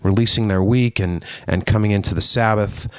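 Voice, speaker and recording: A man chatting as a guest on a radio show, pausing and restarting as he talks. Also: on the low side, fairly even intonation, a bit bright, clear, resonant tone, no echo. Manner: halting, searching for words. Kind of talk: casual interview chat.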